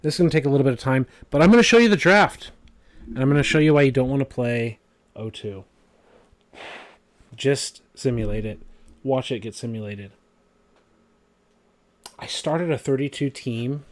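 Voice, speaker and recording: A man's voice: medium pitch, normal speed, pauses often, dry recording. A man giving casual, rambling commentary over a video game, full of fillers and asides. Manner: rambling, filler-heavy, conversational.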